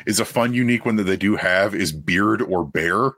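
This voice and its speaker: Young man, podcast co-host, animated riffing, lowish voice. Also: normal speed, dry recording, studio quality. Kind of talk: casual sports chat.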